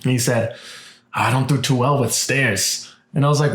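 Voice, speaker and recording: A man's voice: mid-range voice, moderate pace. A man in casual podcast chat, telling a story with lots of swearing and acting out what people said. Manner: animated storyteller, acts out quotes, swears freely. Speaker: podcast co-host. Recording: echoey room.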